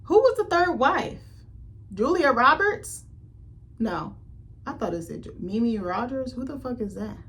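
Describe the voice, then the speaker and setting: A woman's voice: fairly high pitch, sing-song, unhurried, pauses often, fairly bright tone. A young woman, a vlogger giving candid, slangy celebrity commentary, thinking aloud in casual chat.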